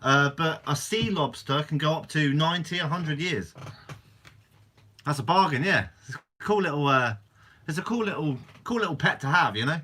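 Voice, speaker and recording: A young fishing channel host from Guernsey in the Channel Islands runs a casual live stream, reading viewer questions aloud and answering them in a relaxed, chatty manner. His bright, forward voice sits a little high for a man, and he talks at normal speed.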